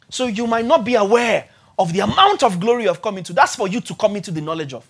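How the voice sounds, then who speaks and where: A man's voice: sits high, lively intonation, fast talker, vocal fry, a bit bright, slightly rough. Emphatic preacher man. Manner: emphatic, repeats key words, spells out Greek terms. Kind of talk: sermon.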